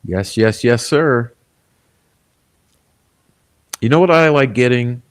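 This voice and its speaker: A man's voice: mid-range voice, animated, slow pace, clean tone. A man hosting a casual livestream, reading viewer comments aloud in a laid-back, rambling way, chuckling often. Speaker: livestream host.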